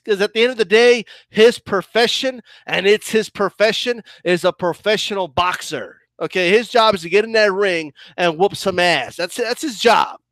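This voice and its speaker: A man rants through heated boxing commentary, combative and profane, circling back to the same points. His voice sits high. The sound is dry and close. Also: a bit bright, dry recording. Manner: combative, profane, repetitive ranting.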